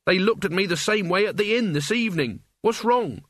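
Flustered young hero-in-training, voiced high and husky by a male narrator, dry close read. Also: lively intonation, brisk, a bit bright, dry recording. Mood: indignant. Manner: indignant, high-strung.

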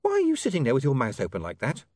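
A man voicing a sharp, indignant young working woman who lectures in a heated, snappy way. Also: medium pitch, wildly swooping pitch, rapid-fire, no room sound, clean studio sound.

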